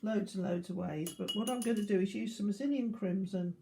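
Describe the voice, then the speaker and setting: An older woman gives a calm, explanatory watercolour demonstration, talking through each step as she paints. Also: mid-range voice, fairly quick, vocal fry, a little hiss or hum. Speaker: art teacher.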